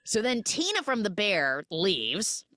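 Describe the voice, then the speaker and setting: Woman, podcast host, lively pitch, dry close mic, comic film recap. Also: slow, no room sound. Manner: animated storytelling, quoting characters in mock voices. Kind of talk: casual comedic film recap.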